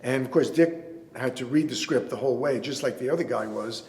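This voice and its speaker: A man's voice: mid-range voice, a little fast, a little mellow, slight background noise. A man who is a playwright and producer, telling stories in an interview and acting out the dialogue with animation. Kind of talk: interview storytelling. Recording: roomy hall echo.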